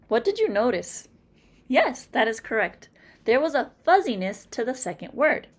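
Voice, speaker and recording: A woman's voice: fairly high pitch, big pitch swings. A woman with a Massachusetts accent teaching a phonics lesson, carefully sounding out example words one by one. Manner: slow, deliberate, over-articulating example words.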